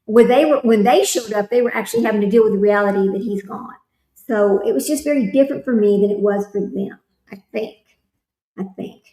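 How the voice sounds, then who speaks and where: A woman's voice: medium pitch, quick pace, dark tone, echoey room, low-quality recording. A woman, hosting a casual livestream and chatting with viewers in a rambling way while reading their comments aloud. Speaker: livestream host commenting on a trial. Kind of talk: casual chat with live chat readers.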